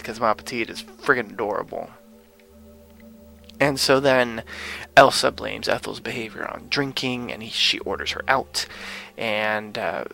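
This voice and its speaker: Bright-voiced man recapping casually. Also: fairly low pitch, gravelly, low-quality recording. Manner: rambling, many fillers and restarts. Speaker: podcast host.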